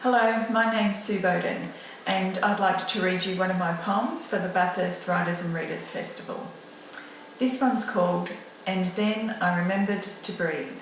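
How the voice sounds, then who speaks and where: A woman with an Australian accent reading her own poem slowly and deliberately. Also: mid-range voice, recorded from a distance, a little hiss or hum. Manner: slow, deliberate, calm reading. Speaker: poet. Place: at home. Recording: very echoey room, voice off-mic.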